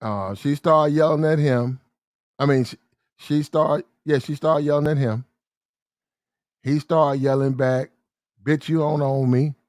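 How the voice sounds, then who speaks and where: Here the man's pitch runs fairly high, and the studio-quality recording has no echo. His casual monologue is rambling, repetitive and full of street slang, and he keeps breaking quickly into acted-out shouting matches.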